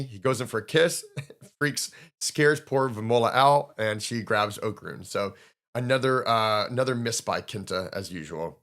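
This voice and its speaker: A man hosting a podcast, casually recapping a manga chapter, excitable and quick to laugh, acting out the characters' lines in playful voices. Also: lowish voice. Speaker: podcast host.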